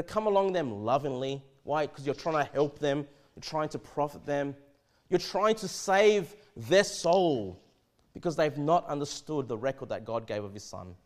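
A man preaching a verse-by-verse sermon, animated and often repeating and restarting his words. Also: medium pitch. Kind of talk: expository sermon.

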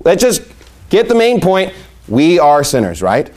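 A man's voice: on the high side, wildly swooping pitch, measured pace, darkish tone. A man teaching how to share the gospel in a conversational way, asking rhetorical questions and acting out both sides of an exchange. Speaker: evangelism teacher. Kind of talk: instructional talk on sharing the gospel.

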